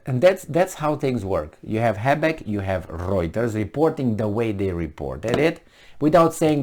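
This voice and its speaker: A man with a somewhat low voice rants through a news article, his tone sarcastic and mocking. He sounds exasperated as he comments. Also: sing-song, a little slow. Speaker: political commentator.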